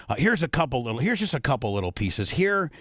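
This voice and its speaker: A man's voice: medium pitch, fast, no room sound. Man, radio host, blunt, cursing, dry studio sound. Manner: blunt, heavy swearing, animated. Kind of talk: casual profane radio talk.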